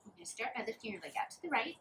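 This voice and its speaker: A woman's voice: on the high side, very animated, rapid-fire, fairly bright tone, slight background noise. A woman co-leading an exercise class, calling out short counts and encouragement. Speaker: fitness co-instructor.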